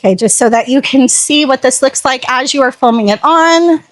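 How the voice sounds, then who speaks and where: Outdoors on her home driveway, a woman detailing a car chats casually to her phone camera, which sits on a tripod. Her voice is high and her speed normal. It's a casual vlog, and she's sassy, given to ranting asides.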